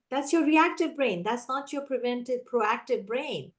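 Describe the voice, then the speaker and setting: A woman trainer answering teachers' questions in a live online session, energetic and animated, often acting out how a teacher talks. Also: on the high side, moderate pace, hardly any pauses. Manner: energetic, animated, acts out teacher and child voices. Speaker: classroom management trainer.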